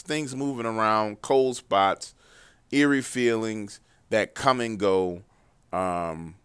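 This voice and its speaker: Man, paranormal show host, casual profane storytelling, bright voice, dry sound. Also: lowish voice, no room sound. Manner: loose, profane, conversational retelling of callers' stories. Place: in a car while driving.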